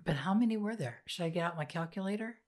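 This middle-aged woman, mother of one of the podcast's co-hosts, has a lowish, darkish voice with lively intonation and a fast pace. She chats casually about true crime, rambling and trailing off mid-sentence.

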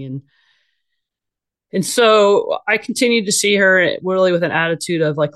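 A woman's voice: fairly low pitch, normal speed, long pauses, fairly bright tone. A middle-aged woman speaking as an interview guest, telling her own story in plain, candid talk. Her delivery is blunt and casual. She leans on fillers and restarts her sentences often.

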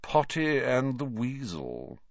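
A man's voice: medium pitch, wildly swooping pitch, measured pace, fairly bright tone, no echo, muffled recording, voice pushed up, heavily acted. A man putting on a sneering schoolboy bully's lazy drawl.

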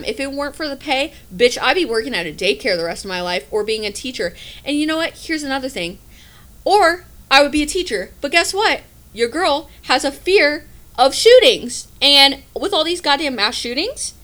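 A woman in her twenties hosting a casual solo podcast, talking in animated, rambling asides and swearing freely. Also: medium pitch. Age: 20s. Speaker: podcast host.

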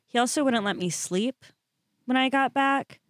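A young woman, a guest in a casual chat, speaking with a deadpan, wry manner. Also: sits high, moderate pace, dry recording, clean studio sound.

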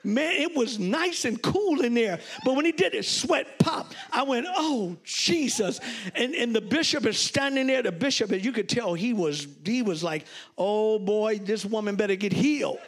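High-voiced storytelling preacher man. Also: normal speed, few pauses. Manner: storytelling preacher, loud animated exclamations. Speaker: pastor. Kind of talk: sermon.

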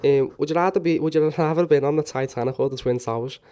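A man's voice: a little high, fast talker, mellow. A young man hosting a casual, sweary chat podcast. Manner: laid-back, sweary, says "lad" a lot. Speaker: podcast host.

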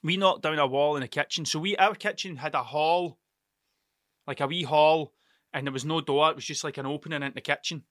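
A man's voice: a little high, fairly even intonation, fairly quick, a bit bright, no room sound, studio quality. A Scottish man in his thirties with an Ayrshire accent, hosting a podcast and telling a rambling, sweary story that keeps wandering off track. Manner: sweary, digressive, restarts mid-sentence. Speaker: podcast host.

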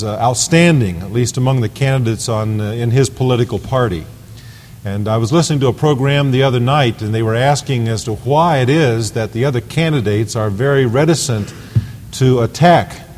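A pastor delivers an evening sermon to his congregation. His voice is a man's, of middle pitch, and it rises into loud emphatic swells on key phrases. The sound rings out with the long reverb of a church sanctuary.

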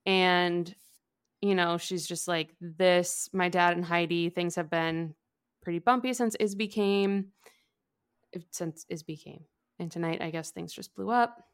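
Woman, lowish voice, smooth and clear, casual podcast chat, laid-back recapping. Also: measured pace. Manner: chatty recapping, heavy use of "like" and "basically". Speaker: podcast co-host. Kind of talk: casual book-club chat.

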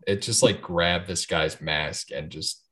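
A woman co-hosting a podcast in casual comedic chat, playful and quick to tease. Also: very deep voice, a bit bright. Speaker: podcast co-host.

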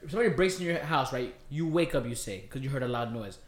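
A man's voice: medium pitch, lively intonation, fast. A man co-hosting a casual podcast chat, spinning long hypothetical scenes and acting out the lines. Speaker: podcast co-host. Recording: roomy echo.

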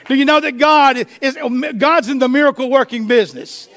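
A man pastor preaching a sermon, asking the congregation questions and dropping to a soft low voice for emphasis. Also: normal speed, hardly any pauses. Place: church.

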